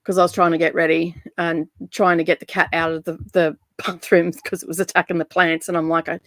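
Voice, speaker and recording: A woman's voice: lowish voice, flat delivery, a little fast, no room sound. A woman hosting a casual reading livestream, chatty, greeting viewers and laughing often. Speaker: livestream host.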